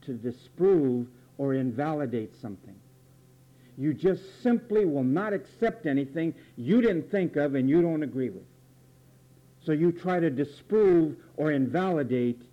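A man preaching a sermon, emphatic and repetitive, pressing word meanings with rhetorical questions. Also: medium pitch. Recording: dull lo-fi recording.

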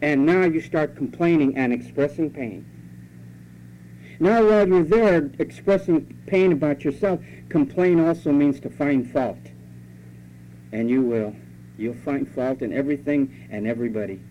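A man's voice: fairly high pitch, unhurried, dark tone. A pastor preaching a sermon, scolding his congregation in a conversational way and mimicking their complaints. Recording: dull lo-fi recording with faint hum.

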